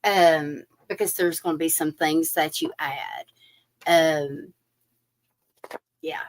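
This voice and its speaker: Slow-spoken woman reading tarot. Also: low voice, background noise. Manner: chatty, animated, addresses viewers directly with fillers. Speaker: tarot reader. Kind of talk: live-stream tarot reading.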